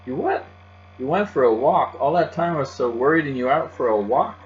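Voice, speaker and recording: A man's voice: medium pitch, brisk, lo-fi sound, slight background noise, natural voice. A man reading aloud, voicing an earnest, anxious young boy. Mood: worried.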